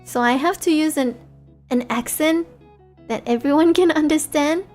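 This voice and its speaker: A woman's voice: high voice, moderate pace, a little mellow, faint music behind. A young woman from Singapore with a light Singaporean English accent, chatting casually on a stream, giggly and full of fillers and restarts. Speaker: VTuber streamer.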